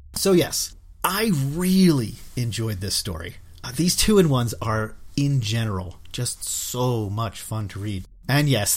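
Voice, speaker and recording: A man hosting a casual comic book podcast, chatty and earnest, often trailing off softly. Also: medium pitch. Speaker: podcast host.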